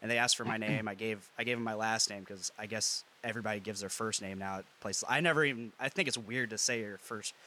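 A man's voice: lowish voice, fast talker, few pauses, sharp tone, a little hiss or hum. A man hosting a podcast in casual chat, rambling and chuckling as he jokes around. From US Midwest. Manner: rambling, chuckling, loose and joking. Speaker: podcast host.

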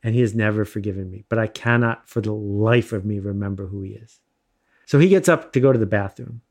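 A middle-aged man casually telling a self-mocking anecdote in lively bursts. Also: fairly low pitch, fairly quick. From United States. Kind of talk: casual storytelling.

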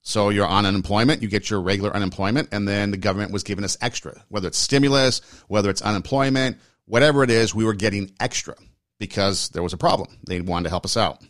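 A man's voice: lowish voice, fast talker, fairly bright tone, no echo, studio quality. A man hosting a talk show, giving casual spoken commentary that often repeats and rephrases itself. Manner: conversational, repeats and rephrases, emphatic. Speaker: host.

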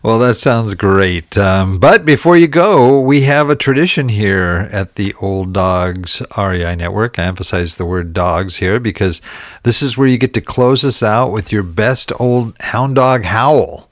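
A man's voice: lowish voice, animated, unhurried, no echo, studio quality. A man hosting a podcast interview, folksy and upbeat in his sign-offs. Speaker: podcast host.

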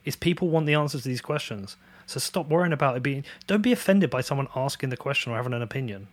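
A man's voice: mid-range voice, animated, quick pace, slight background noise. A man hosting a podcast, talking bluntly and swearing freely, and raising his voice when he quotes others. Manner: blunt and profane, quoting others in a raised voice. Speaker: podcast host. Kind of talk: casual conversation. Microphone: video call.

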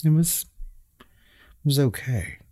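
A man's voice: medium pitch, lively intonation, takes it slowly, warm tone. A man co-hosting a casual horror movie podcast, chatting and reading listener messages aloud. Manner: reads listener messages aloud, stumbles over words. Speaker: podcast co-host.

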